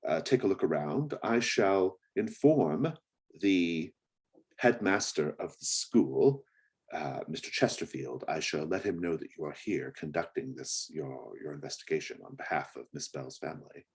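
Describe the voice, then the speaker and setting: A man's voice: rumbling low, expressive, normal speed, slightly rough, full character voice. A man voicing a prim, formal woman on a school's staff who speaks stiffly and hesitantly. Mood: polite, guarded.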